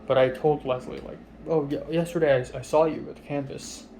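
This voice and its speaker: A young man telling a personal story in a casual, rambling way, with lots of fillers, often trailing off quietly in a flat, low-key voice. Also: a little fast, gravelly, a little hiss or hum.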